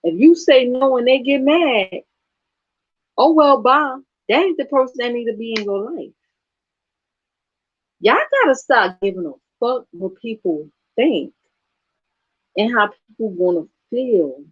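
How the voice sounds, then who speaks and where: Woman, blunt sassy rant, swings her pitch a lot, dry slightly dull sound. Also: animated, a little slow, long pauses, breathy edge, no room sound. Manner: blunt, sassy, profane, laughs often. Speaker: channel host. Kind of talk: casual vlog rant.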